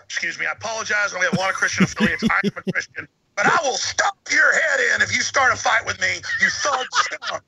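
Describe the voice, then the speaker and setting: A man's voice: high voice, fast, vocal fry, hardly any pauses, bright, forceful tone, breathy edge, heavily acted, low-quality recording. A man in a played-back clip, ranting with threats and then apologizing abruptly. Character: ranting angry male conspiracy broadcaster clip.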